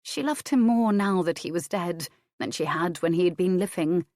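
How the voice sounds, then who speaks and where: A woman reading a historical romance audiobook in a steady, measured way. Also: on the low side, dry recording, studio quality. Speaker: audiobook narrator. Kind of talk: scripted narration.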